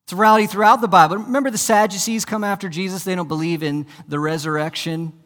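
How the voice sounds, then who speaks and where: A man's voice: steady tone, fast talker. Man preaching a sermon in a reverberant hall. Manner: asks rhetorical questions and repeats words as he starts sentences; swings from soft and low to loud and emphatic. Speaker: pastor. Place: church.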